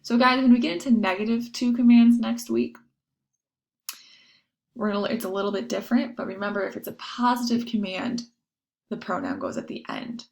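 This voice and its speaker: A woman's voice: on the high side, very animated, moderate pace, vocal fry, a little mellow. A woman teaching a recorded Spanish lesson to her class, explaining patiently step by step with examples.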